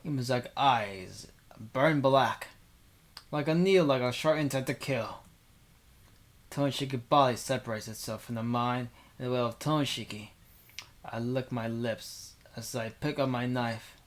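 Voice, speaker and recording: A man's voice: medium pitch, measured pace. A young man reading a visual novel aloud into a desk microphone, breaking off for rambling casual asides.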